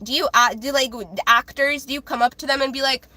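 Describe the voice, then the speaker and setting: A woman's voice: sits high, fairly even intonation, a little fast, bright, forceful tone, no echo, low-quality recording. A woman streaming live as a tarot reader, chatting casually with many fillers and restarts in a childlike voice.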